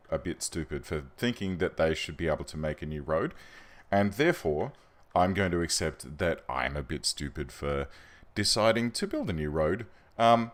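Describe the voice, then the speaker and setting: Deep-voiced guy narrating his game, rambly and jokey, voice swings up and down a lot. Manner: rambling and self-deprecating, many ums. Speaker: gaming channel host. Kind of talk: let's play commentary.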